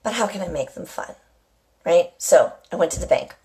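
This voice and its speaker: A woman's voice: lowish voice, animated, moderate pace, warm tone. A middle-aged woman at home, hosting a casual live chat to her viewers. She rambles and keeps asking "right?". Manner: chatty, rambling, often asks "right?". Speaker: live-stream host. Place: at home with a kitchen nearby.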